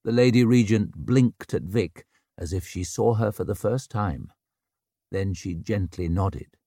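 A man narrates a novel in a measured, unhurried voice that sits on the low side. The recording is dry and close-miked with no room sound. His reading is steady and scripted. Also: no echo. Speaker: audiobook narrator.

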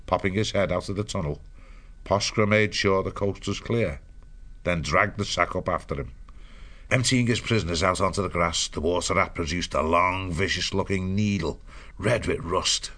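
A man narrating an animal adventure audiobook in a measured storytelling way. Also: sits low, a bit bright.

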